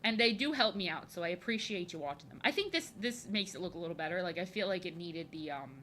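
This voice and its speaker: Bright, excitable young woman streamer. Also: lowish voice, fast, slight background noise. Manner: rambling, excitable, thinking aloud. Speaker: live-streaming artist. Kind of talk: casual live-stream chat while drawing.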